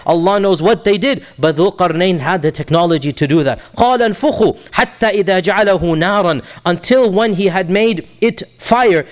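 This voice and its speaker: A man teaching a Quran lesson, reciting verses in Arabic and then translating and explaining them patiently, repeating key points. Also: sits high. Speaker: Islamic teacher.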